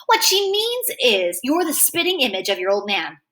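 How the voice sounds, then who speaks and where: Storybook kid: woman doing a bright, high little know-it-all boy, wisecracking and cocky. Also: wildly swooping pitch, moderate pace, heavily acted. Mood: teasing. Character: small clever boy, know-it-all grin.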